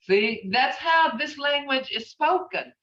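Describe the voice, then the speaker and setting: A woman's voice: high voice, lively intonation, takes it slowly, fairly bright tone, far from the mic. A woman teaching a language class, patiently repeating phrases as she explains them. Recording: muffled, roomy, from off mic.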